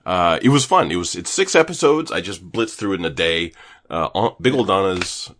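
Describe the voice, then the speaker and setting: Man, podcast host, casual chat, lively swinging pitch, lowish voice, swears a lot. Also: moderate pace, slight background noise. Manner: animated storyteller, swears often, acts out quotes loudly.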